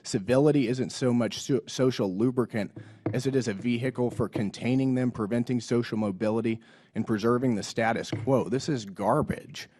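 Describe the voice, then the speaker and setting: A man with a hoarse voice from a cold, a lawmaker questioning a witness at a hearing in blunt, pointed questions and reading quotes aloud. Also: mid-range voice, brisk, dark tone. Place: hearing room.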